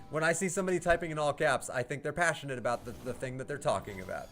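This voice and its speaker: A man's voice: fairly high pitch, rapid-fire, hardly any pauses, a bit bright, faint music behind. A man from the United States chatting on a livestream, answering chat, ranting heatedly and swearing with laughs in between. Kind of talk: casual livestream chat, reading chat.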